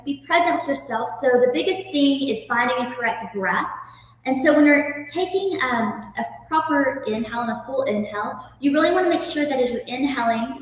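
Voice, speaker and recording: A woman yoga instructor speaking calmly, gently guiding breathing and stretches. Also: high-pitched, heavy reverb, long reverb tail, far from the mic, low-quality recording. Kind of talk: guest interview then guided yoga instruction.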